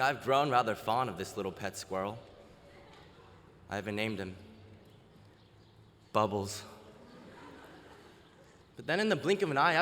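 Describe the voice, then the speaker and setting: A man's voice: medium pitch, a bit bright, slight background noise. A young man giving a self-deprecating, wry comic speech as a student orator at an outdoor ceremony. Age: young adult. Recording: outdoor PA with long reverb.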